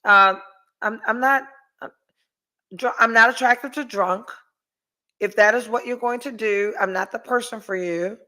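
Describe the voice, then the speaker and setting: A woman's voice: a little high, a little slow, long pauses, bright, forceful tone. A middle-aged woman hosting a podcast, telling a story in casual chat and reading viewer comments, blunt and profane. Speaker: podcast host.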